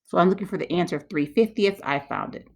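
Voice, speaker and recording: A woman's voice: on the low side, fast talker, darkish tone. Woman teacher, math walkthrough, chatty, thinks aloud, corrects herself. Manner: chatty, talks herself through each step.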